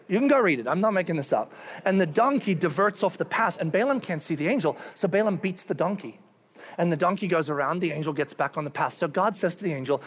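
A male pastor delivers a casual, animated sermon with a story at its center. His voice sits high and ranges widely, rising and falling as he talks. He is conversational and punchy, and keeps asking his listeners questions. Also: brisk.

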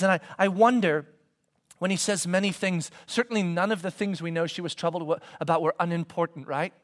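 Male pastor, sermon, fairly high voice, animated, drops to whispers, chatty questions to the congregation. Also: a little fast. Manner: animated, swings from loud emphasis to soft whispers; conversational, asks the congregation questions.

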